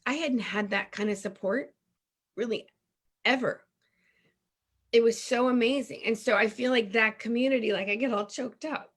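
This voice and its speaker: Guest, woman from Texas, middle-aged, slightly high-pitched; emotional, frank storyteller. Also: normal speed, pauses often. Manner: emotional, animated, candid. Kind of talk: personal storytelling in conversation.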